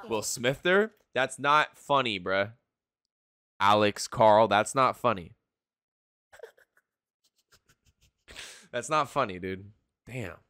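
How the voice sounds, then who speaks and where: A man's voice: lowish voice, slow pace, long pauses, dry recording. A young man livestreaming his reactions to an anime, cursing freely and laughing often. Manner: animated, profane, laughs often. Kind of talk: live reaction commentary.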